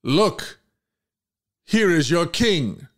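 A man's voice: a little high, very animated, very slow, fairly bright tone, pitched above the performer's own voice, exaggerated voice. Uneasy Roman governor, demanding answers, read by a man. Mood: questioning.

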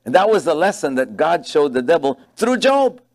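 A man's voice: on the high side, moderate pace. A man preaching a sermon as a pastor, telling stories with animation and stressing key phrases. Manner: animated storytelling, acting out dialogue in voices.

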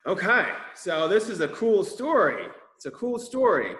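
A man as school chaplain, giving a lively chapel talk to children and acting out the quotes. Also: high-pitched, measured pace. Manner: lively storytelling for kids, acts out quotes. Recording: roomy echo.

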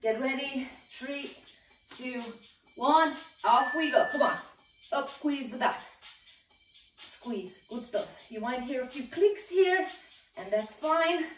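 A woman's voice: high voice, expressive, takes it slowly, long pauses, echoey room, far from the mic, faint music behind, rough recording. A woman fitness instructor coaching a home workout, encouraging and counting down while exercising along, a little out of breath.

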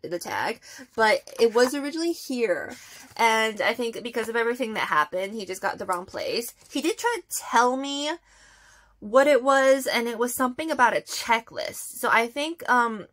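A young woman vlogging, retelling a story in a chatty, animated way with lots of fillers. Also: a little high. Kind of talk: casual storytime vlog.

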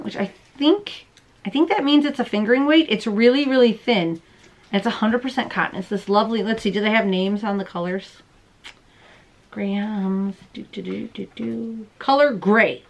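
A woman's voice: fairly high pitch, slight background noise. A woman hosting a crochet and knitting podcast from home, chatting to the camera in a bubbly, self-deprecating way and laughing often. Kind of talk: casual chat to camera. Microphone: camera in front of her.

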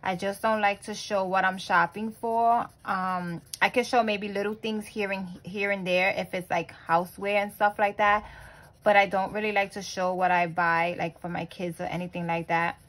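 Chatty mom vlogger counting cash softly. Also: female voice, medium pitch, level tone, moderate pace, low-quality recording. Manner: chatty, lots of fillers and restarts; soft, counts money under her breath. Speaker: budgeting channel host. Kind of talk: casual vlog chat.

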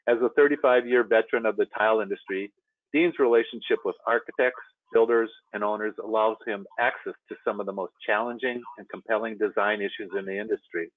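A man's voice: on the low side, no room sound. A man hosting a trade webinar, introducing speakers in a friendly, rambling way with fillers. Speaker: webinar host. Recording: tinny phone-like audio, dry.

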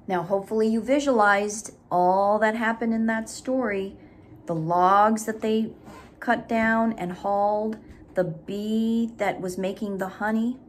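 A woman teacher talks slowly and deliberately through a recorded reading lesson. Her voice sits at an average pitch, and she spells out each instruction patiently. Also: steady tone.

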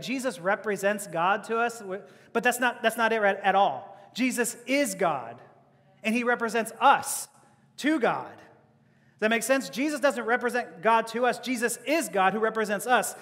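High-voiced pastor in a reverberant hall. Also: male voice, a bit bright. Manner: conversational, laughing asides, rhetorical questions. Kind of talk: sermon. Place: church hall.

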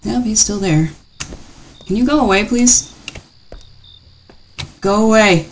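A woman's voice: medium pitch, slow, slight background noise. A woman giving playful, jittery commentary while playing a horror game. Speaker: gaming channel host. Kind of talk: let's play commentary.

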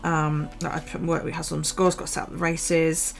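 A British vlogger chats casually over a journaling video, tired and yawning, rambling with many ums and restarts. Her voice is low-pitched, gravelly and flat, fairly quick, with soft background music.

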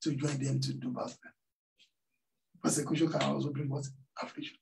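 Pastor preaching from a distance. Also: male voice, medium pitch, level tone, fairly quick, gravelly, a little mellow, a little hiss or hum. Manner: storytelling with call-and-response questions to the congregation. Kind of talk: sermon. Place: church hall.

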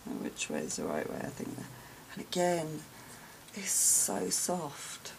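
A woman opening gifts in a casual vlog, talking softly and slowly, gasping and gushing over each item. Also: deep voice, huge pitch swings, gravelly, background noise. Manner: soft, slow and gushing, many gasps and sighs. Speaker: craft vlogger opening gifts.

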